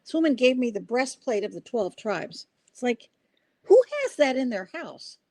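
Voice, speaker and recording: A woman's voice: fairly high pitch, expressive, normal speed, darkish tone. An older woman hosting a podcast, telling stories in an earnest, rambling way with restarts. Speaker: podcast host. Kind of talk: casual podcast conversation.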